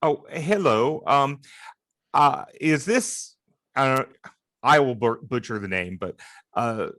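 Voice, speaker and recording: Slow-talking polite male player. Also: mid-range voice, fairly bright tone, no room sound, clean studio sound. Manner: hesitant, polite. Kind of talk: casual tabletop play.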